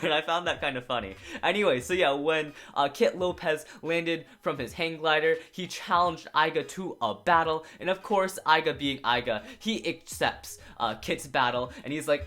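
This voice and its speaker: A man's voice: a little high, fairly bright tone. A man casually recapping and reviewing an anime episode, rambling with lots of filler words.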